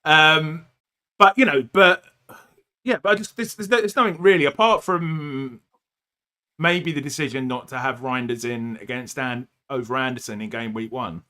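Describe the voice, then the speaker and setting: A middle-aged man from the United Kingdom co-hosting a podcast stream, chatting in an animated, jokey way and often talking over his co-host. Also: mid-range voice, normal speed. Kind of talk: casual chat on a live stream.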